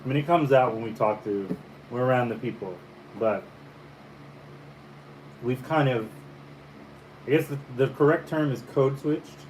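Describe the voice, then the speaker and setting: A man's voice: mid-range voice, measured pace, pauses often, darkish tone, rough recording. Man from the Caribbean, casual breakfast chat, musing storyteller, mid-range voice, faint fan hum behind. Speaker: painter and vlogger.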